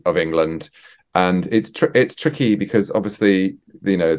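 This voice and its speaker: A man, a theatre director guest on a remote podcast interview, speaking thoughtfully with halting restarts. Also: low voice, a little mellow. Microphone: remote call.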